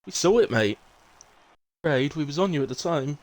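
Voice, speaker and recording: A man's voice: on the high side, lively intonation, normal speed, darkish tone, poor audio. Chatty Bristolian man commentating. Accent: Bristolian English. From Bristol, England. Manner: chatty, rambling, fills gaps with asides. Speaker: sim racing league commentator. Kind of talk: live casual race commentary.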